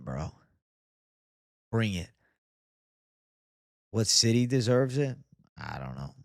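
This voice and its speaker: A man's voice: fairly low pitch, sing-song, takes it slowly, long pauses, no echo, clean studio sound. A young man from Boston hosting a casual live chat. He talks loosely and swears a lot. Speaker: livestream host.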